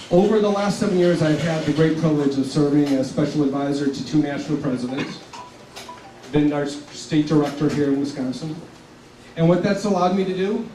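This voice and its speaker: A man's voice: on the high side, dark tone, slight background noise. A man in his seventies from South Texas gives an earnest, passionate public speech as a community organization leader. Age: 70s. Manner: earnest and passionate, at times choked up with emotion. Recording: echoey hall, speaker far from the mic.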